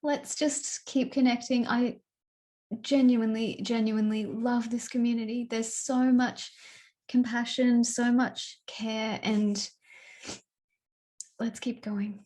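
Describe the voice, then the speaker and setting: A woman's voice: fairly high pitch, steady tone, slow pace, darkish tone. A woman hosting an online event, moved and laughing as she thanks the community. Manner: affectionate, laughing. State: moved, near tears. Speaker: host.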